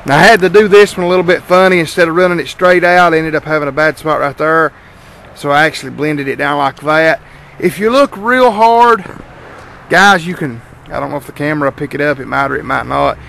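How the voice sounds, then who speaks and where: Young guy, kinda raspy gravelly voice, rambling about his car outside, bit of background noise. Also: a little high, steady tone, quick pace, sharp tone. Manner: chatty, rambling, lots of fillers and restarts. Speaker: vlogger showing his repainted car. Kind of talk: casual walkaround vlog. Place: outdoors by a car at dusk.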